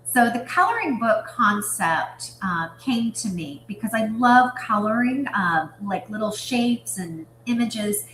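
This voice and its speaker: A woman's voice: mid-range voice, pushed and bright, a little hiss or hum. Earnest woman guest in an echoey room. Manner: earnest, reflective, explanatory. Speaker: guest, business leader. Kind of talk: conversational interview. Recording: roomy echo.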